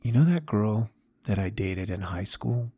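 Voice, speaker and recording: Gentle old man, soft and halting, husky low voice, slow and reflective, as a storyteller quotes him. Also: lively intonation, no echo, full character voice. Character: gentle old man recounting his heartbreaks.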